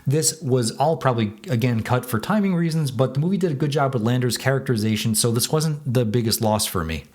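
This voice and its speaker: Male reviewer, mid pitch, plainspoken and casual commentary read. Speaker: book and film reviewer. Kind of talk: scripted video commentary.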